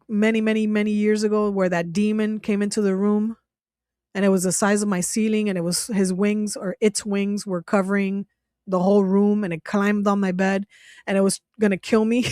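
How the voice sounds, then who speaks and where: Hosting her own channel, a woman tells a personal story in a casual, emotional way, often restarting and laughing now and then. Her voice is mid-range with a darkish tone, and the recording is studio quality with no echo.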